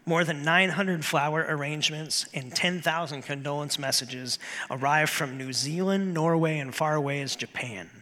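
A man preaching a sermon as pastor in a church, earnest and measured, with slow emphatic pauses. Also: a little high, bright, forceful tone. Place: church sanctuary. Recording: long hall reverb.

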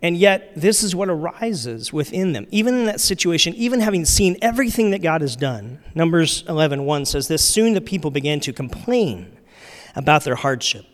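A man's voice: a little high, very animated, moderate pace. A middle-aged man, a pastor, preaching in a conversational, candid, self-deprecating way. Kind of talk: sermon. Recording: hall reverb.

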